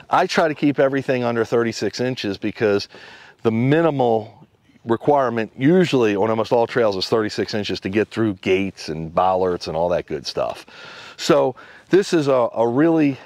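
A man talks through his homemade dog-pulling trike in a relaxed, rambling workshop demo, circling back and restarting his sentences. His voice sits at an ordinary middle pitch. The sound is dry and close, with little room echo. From USA. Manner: rambling, explanatory, with restarts and fillers. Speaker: dog sled vehicle builder demonstrating his rig. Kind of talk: casual workshop demonstration.

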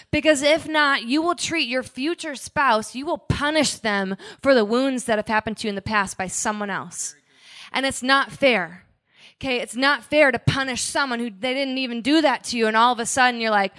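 A woman pastor preaches a sermon in a relaxed, conversational manner. Her voice sits a little high for a woman, and she keeps slipping into small acted-out quotes and asides.

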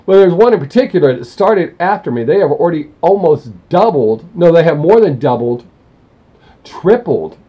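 A man's voice: a little high, sing-song, normal speed, slightly rough, muffled recording. A man hosting a music reaction channel, talking bluntly and rambling, often correcting himself mid-sentence. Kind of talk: casual opinionated talk to camera.

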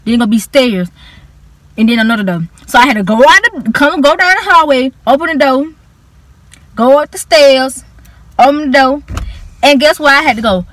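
A young woman tells a story straight to camera in a loose, dramatic way. Her voice sits a little high for a woman. She leans on slang and big emphasis. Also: moderate pace, long pauses, dry recording. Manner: animated, dramatic retelling with laughs and slang. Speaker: vlogger. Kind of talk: casual storytime.

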